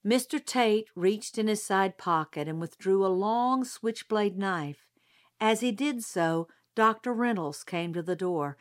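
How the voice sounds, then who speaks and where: A woman narrating a novel aloud in a steady storytelling manner. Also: mid-range voice, unhurried. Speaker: audiobook narrator. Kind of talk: scripted narration.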